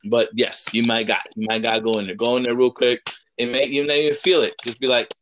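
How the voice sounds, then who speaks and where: A man's voice: medium pitch, little pitch movement, quick pace, fairly bright tone, a little hiss or hum. A man co-hosting a casual podcast chat, joking and rambling, laughing often. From Mexican-American from the Lake Michigan area. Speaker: podcast co-host.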